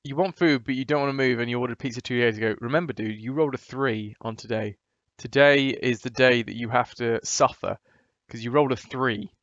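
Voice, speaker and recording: A man's voice: medium pitch, steady tone, brisk, a bit bright, no echo, lo-fi sound. A man chatting casually and rambling on his live stream from a hotel room. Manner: chatty, rambling, laid-back.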